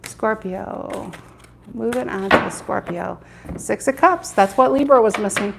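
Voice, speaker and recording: A woman's voice: medium pitch, unhurried, vocal fry, heavy background noise. A woman doing a live tarot reading, chatting with viewers and repeating her questions as she turns the cards. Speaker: tarot reader.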